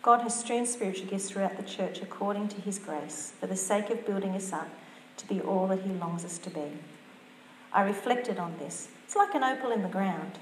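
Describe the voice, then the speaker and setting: A woman's voice: medium pitch, normal speed, a little hiss or hum. Woman preaching in a roomy church. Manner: earnest, conversational preaching with scripture reading. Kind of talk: topical sermon.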